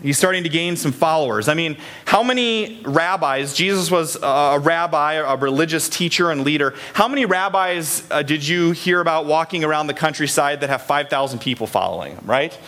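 A man's voice: on the high side, fairly quick, few pauses, sharp tone. A man preaching a chatty sermon to a church congregation, often asking them questions. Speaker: pastor. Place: church in Des Moines, Iowa.

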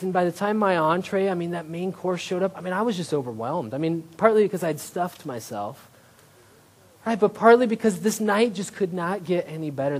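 The preacher's voice sits high with a darkish tone. He delivers a conversational sermon, checking in with "right?" often and joking about himself.

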